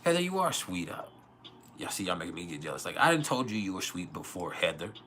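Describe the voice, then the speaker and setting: A man's voice: deep voice, sing-song, fast talker, sharp tone, slight background noise. A man hosting an astrology livestream, sleepy and rambling in casual chat, swearing often and laughing.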